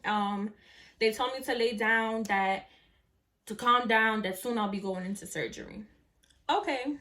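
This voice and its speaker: A woman's voice: a little high, unhurried, bright, forceful tone, recorded from a distance. A young woman vlogger casually telling a personal story to camera, with lots of "like" and some swearing. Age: young adult. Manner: chatty, lots of "like" and swearing, talks to viewers as friends.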